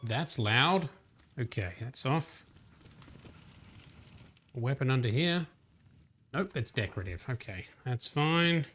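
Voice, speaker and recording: A streamer thinks aloud in a chatty way while playing through a game on a livestream. His mid-range voice is expressive and a bit bright, slow with long pauses, and faint music plays behind him.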